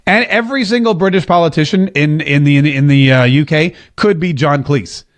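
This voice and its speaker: A man's voice: a little high, a little fast. A man hosting a political podcast, delivering an opinionated monologue and repeating phrases for emphasis. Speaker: political commentary host. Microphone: seated at a desk mic.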